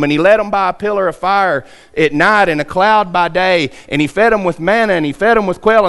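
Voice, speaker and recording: A man preaching a sermon, retelling scripture stories, acting out the quotes and asking rhetorical questions, swinging from loud lines to hushed ones. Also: sits high.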